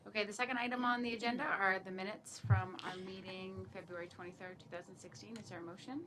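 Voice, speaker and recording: A woman chairing a public meeting, moving briskly through procedural agenda items and votes. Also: mid-range voice, fairly even intonation, a crowd in the background. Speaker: committee chair.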